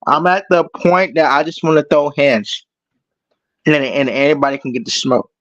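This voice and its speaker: A man's voice: on the high side, fairly even intonation, moderate pace, fairly bright tone, no room sound, lo-fi sound. A man calling in to a fan show, ranting angrily and swearing, repeating himself as he gets worked up. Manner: heated, profane, repeats himself. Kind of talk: angry fan rant.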